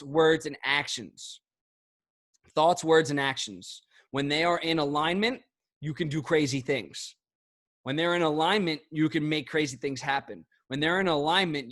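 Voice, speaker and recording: A man giving motivational sales coaching on a video call, emphatic and punchy, swinging between fast bursts and drawn-out words. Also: fairly high pitch, fairly bright tone, no echo. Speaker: sales trainer.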